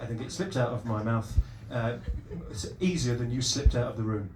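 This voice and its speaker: Man, stand-up comedian, teasing crowd work, stammering restarts, roomy club echo, loud background noise. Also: medium pitch, moderate pace. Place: comedy club with a live audience. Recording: echoey club, mic at a distance, loud noise.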